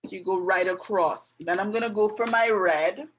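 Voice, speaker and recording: A woman giving a casual drawing tutorial, gently narrating each step as she draws. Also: mid-range voice, normal speed, slight background noise, rough recording. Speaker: art tutor. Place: indoors with passing road traffic.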